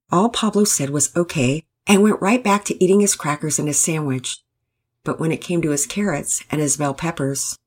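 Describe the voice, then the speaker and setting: A woman narrating a Christian family storybook in a gentle, expressive reading voice. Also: low-pitched, husky.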